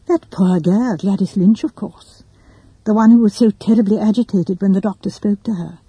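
A woman voicing a gentle, fussy old spinster who rambles softly. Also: medium pitch, moderate pace, husky, no echo, rough recording. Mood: musing. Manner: rambling, soft and quiet.

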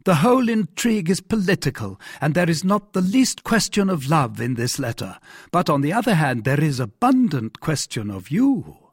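A man reading aloud, voicing a jealous king who is now relieved, with a lively, eager delivery. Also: a little high, moderate pace, slightly rough, dry recording, studio quality, pitched above the performer's own voice, full character voice. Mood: delighted.

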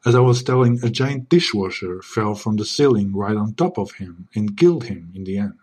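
Guy doing a smug spy parody, husky low voice, deadpan the whole time. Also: moderate pace. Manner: low, smooth, deadpan delivery. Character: suave smug male secret agent parody. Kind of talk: comedy sketch.

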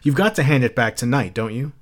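Mildred, a shrill anxious wife, voiced by a man. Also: lively intonation, quick pace, lightly acted. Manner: shrill, pleading.

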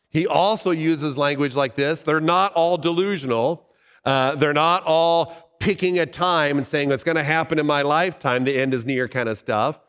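A man's voice: a little high, a bit bright, smooth, in a large hall. A male pastor giving a sermon in a conversational way, asking his listeners questions. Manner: conversational preaching with rhetorical questions.

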